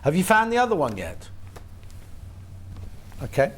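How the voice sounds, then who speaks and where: A man's voice: a little high, wildly swooping pitch, husky. A British man presenting on a live shopping channel, chatting eagerly and listing products. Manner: chatty, quick asides, lists products eagerly. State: has hiccups. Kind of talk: live TV sales chat.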